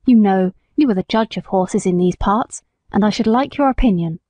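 A woman's voice: medium pitch, moderate pace, warm tone, no echo, muffled recording, lightly acted. A woman reading the lines of a breezy male army captain in an audiobook, speaking offhandedly.

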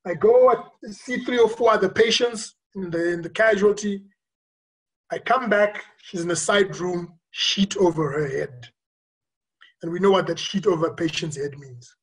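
Physician speaker, earnest, reflective storyteller, pauses often. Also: mid-range voice, poor audio. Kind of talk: virtual conference talk, personal storytelling. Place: remote recording for a virtual conference.

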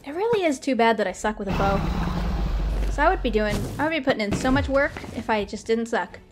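A young woman giving chatty, excitable commentary while playing a video game, often laughing. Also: on the high side, a little fast, background noise. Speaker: gaming video creator. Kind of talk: live gameplay commentary.

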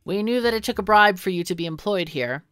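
A woman's voice: mid-range voice, lively intonation, fast, a bit bright, clear, resonant tone, dry recording, clean studio sound, soft background music, natural voice. A woman reading game text as a cold, formal committee official handing down a sentence. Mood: stern.

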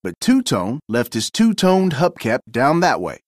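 A man's voice: medium pitch, huge pitch swings, unhurried, no room sound, clean studio sound. A man voicing a cheerful, folksy male tow truck in a storybook reading, speaking in a friendly, easygoing way.

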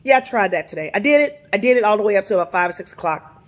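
A middle-aged woman vlogging casually from her kitchen, ranting in an animated, exasperated way and firing off rhetorical questions. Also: medium pitch, racing. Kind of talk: casual vlog rant. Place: home kitchen.

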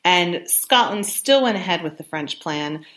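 A woman with a somewhat low voice narrates history for her podcast. She keeps it conversational and sympathetic, pausing on ums and correcting herself as she goes. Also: expressive, a bit bright. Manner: chatty, sympathetic storytelling with ums and self-corrections.

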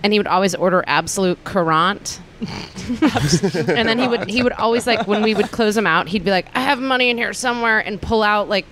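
A woman, a comedian and bartender, telling an anecdote in relaxed podcast chat with laughing asides. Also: mid-range voice, normal speed, slight background noise. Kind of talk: casual podcast storytelling.

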